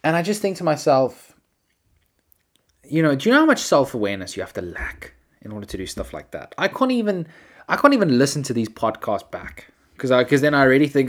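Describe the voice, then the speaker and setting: Animated rambling male podcast host. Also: mid-range voice, brisk. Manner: rambling, animated, incredulous rants with self-deprecating asides. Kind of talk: solo podcast monologue.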